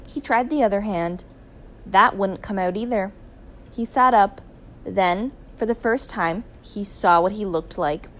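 A woman narrating a children's story in a clear, even, expressive reading voice. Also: mid-range voice, unhurried. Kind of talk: children's story read aloud.

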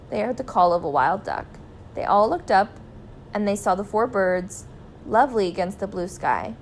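A woman reading a children's story aloud in a clear, expressive way. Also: medium pitch, slight background noise, poor audio.

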